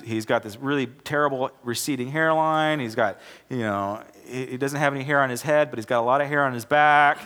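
A young adult pastor with a mid-range, slightly bright voice preaches in a church in a loose, conversational style. He tells a joke to illustrate his sermon, often repeating and restarting words and acting out the characters he quotes.

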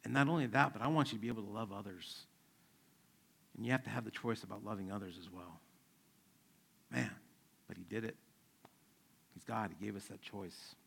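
A middle-aged man, a pastor, preaching a sermon in a relaxed, conversational way with stories from home. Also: fairly low pitch, fairly quick, vocal fry, long pauses, husky. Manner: conversational preaching, acts out his kids' voices.

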